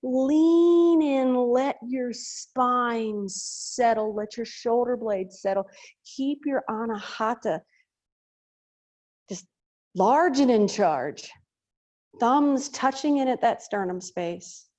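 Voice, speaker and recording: Yoga teacher, woman, unhurried delivery, guides chair poses on a video call, playful asides between cues. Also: on the high side, darkish tone. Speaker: yoga instructor.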